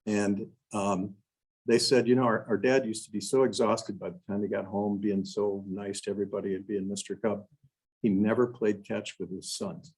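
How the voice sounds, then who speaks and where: An older man with a low, husky voice tells stories as a guest speaker. He acts out the quotes and keeps adding "you know" between his restarts. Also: little pitch movement, normal speed, a little mellow, low-quality recording. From Wisconsin. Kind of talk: storytelling talk to a club.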